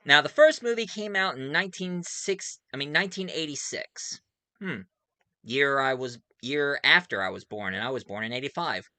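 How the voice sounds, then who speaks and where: A man's voice: medium pitch, animated, normal speed, sharp tone, no echo. A man in his forties talking in a put-on Australian accent, chatting casually as a movie reviewer and often correcting himself. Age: 40s. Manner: chatty, self-correcting, laughs between remarks.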